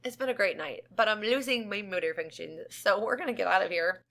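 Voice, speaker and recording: Bright-voiced giggly woman podcaster. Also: mid-range voice, fairly quick, creaky. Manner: rambling and giggly. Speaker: podcast co-host. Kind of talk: casual chat.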